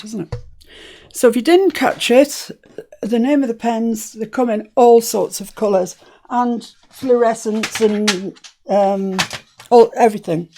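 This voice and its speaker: A woman's voice: on the high side, dark tone, slight background noise. A woman hosting a casual craft tutorial at a cluttered desk, chatting and muttering to herself as she works. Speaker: craft channel host.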